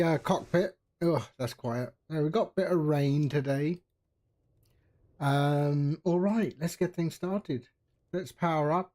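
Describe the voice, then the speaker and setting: A man in a fairly high voice offers relaxed, rambling commentary to viewers on his live stream while he sets up a flight simulator.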